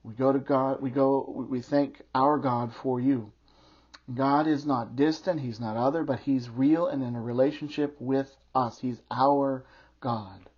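Pastor, male, husky, mid-pitched, preaching earnestly on a slightly dull recording. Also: steady tone, a little slow, darkish tone. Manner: earnest, emphatic preaching with teaching asides. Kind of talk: sermon.

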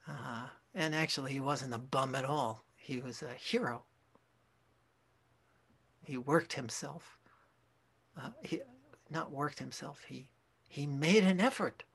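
Slow, husky-voiced man giving a dharma talk. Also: mid-range voice, a bit bright. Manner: slow, reflective, with pauses and self-corrections. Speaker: Zen teacher.

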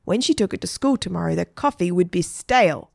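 A woman narrating a children's story in a steady, clear reading voice. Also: lowish voice, fairly quick, dry recording, clean studio sound.

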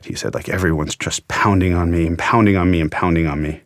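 A man's voice: low-pitched, fairly even intonation, fast talker, dry recording, studio quality. A man, a journalist, earnestly retelling an emotional story in a reflective interview.

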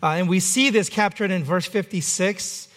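A man's voice: sits high, normal speed, fairly bright tone. A man preaching a sermon as pastor, conversational with light humor.

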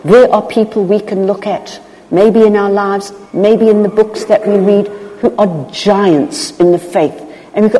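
A woman preaching a sermon, expressive, acting out the voices of people in the story. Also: mid-range voice, measured pace. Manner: expressive, acts out Bible voices. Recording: long hall reverb.

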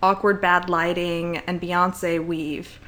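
A woman co-hosting a casual podcast chat, chatty and giggly with quick asides. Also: fairly low pitch, little pitch movement, a bit bright. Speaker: podcast co-host.

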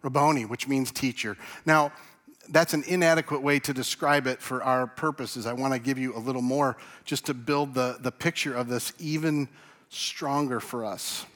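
A man preaching a sermon, animated, swinging from loud emphasis to hushed tones. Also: mid-range voice, normal speed. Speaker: pastor. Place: church.

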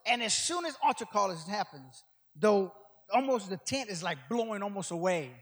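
An older man preaching as a guest speaker, telling rambling stories that build to shouted preaching. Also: high-pitched, lively intonation, normal speed, husky. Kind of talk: sermon. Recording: long hall reverb.

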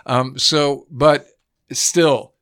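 A man in his fifties, a former naval aviator, tells stories on a podcast in an easy, rambling way, scattering fillers and casual swearing. His voice sits at an ordinary middle pitch, and the recording is plain and close. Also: extremely slow. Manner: relaxed and anecdotal, swears casually, many fillers. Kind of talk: casual storytelling chat.

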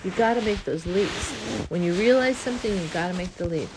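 Woman, host, spiritual self-help talk, earnest, reflective, slightly low voice. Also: background noise. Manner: earnest, reflective, with drawn-out pauses. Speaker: host and life coach.

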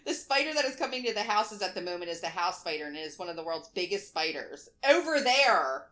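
A woman's voice: on the low side, big pitch swings, fairly quick, a bit bright. A woman co-hosting a podcast in casual chat, laughing often and reading news aloud. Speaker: podcast co-host.

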